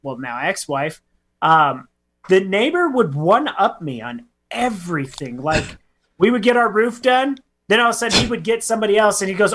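A man's voice: high-pitched, normal speed, a little hiss or hum. A man co-hosting a radio show, telling a neighbor story in casual chat, laughing and acting out the quotes. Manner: animated, laughs while telling stories, acts out quotes.

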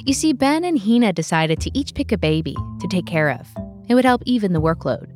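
A woman narrating a true story in an earnest, measured way, as the host. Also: mid-range voice, big pitch swings, darkish tone, faint music behind. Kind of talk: scripted narration.

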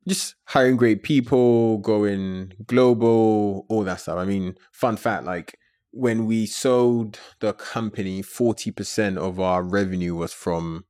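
Guy, interview guest, chatty storytelling, lots of "like", lowish voice, dry sound. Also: takes it slowly, dry recording. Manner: animated, many fillers like "like". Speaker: guest, company founder.

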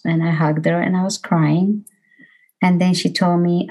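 A middle-aged woman with a low voice shares a personal story of loss. She speaks haltingly, with many fillers and restarts, emotion close to the surface. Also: level tone, a little mellow, low-quality recording. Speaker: bereaved mother speaking about road safety. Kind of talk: personal testimony talk.

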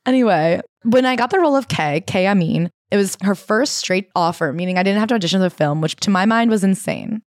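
A woman co-hosting a podcast in casual chat, animated and swearing freely while reading quotes from a memoir. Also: mid-range voice, quick pace, hardly any pauses, dry recording, clean studio sound. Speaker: podcast co-host. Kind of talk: casual book-club chat.

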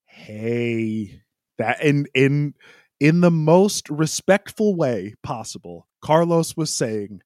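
A man co-hosting a casual podcast chat, expressive and quick to imitate the radio messages he heard. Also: fairly high pitch, no room sound, clean studio sound. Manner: lively, expressive, mimics radio calls. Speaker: podcast co-host.

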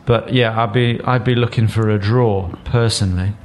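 A man's voice: fairly low pitch, steady tone, normal speed, soft background music. A man hosting a casual sports podcast, steering the chat with dry joking asides. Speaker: podcast host.

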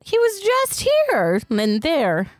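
A woman's voice: high voice, huge pitch swings, no room sound, clean studio sound, faint music behind, heavily acted. A woman playing an adventurer in a tabletop game, who stumbles and hesitates over her words. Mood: unsure. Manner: halting, stumbling.

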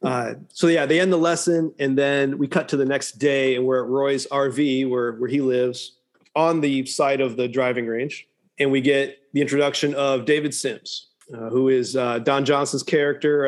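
A man's voice: medium pitch, steady tone, normal speed. A man co-hosting a podcast, talking casually about a movie, laughing often and restarting his sentences. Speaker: podcast co-host.

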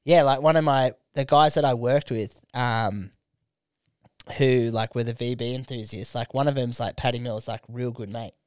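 A man's voice: medium pitch, fairly even intonation, moderate pace, a little mellow, clear, resonant tone, no room sound, studio quality. A young Australian man telling stories in casual podcast chat, swearing freely and filling his speech with "like". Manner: laid-back storyteller, swears freely, lots of "like".

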